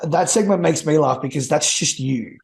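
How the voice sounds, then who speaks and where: A man chatting casually about a friend, amused and halting, with frequent restarts. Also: a little high, gravelly. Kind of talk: casual chat.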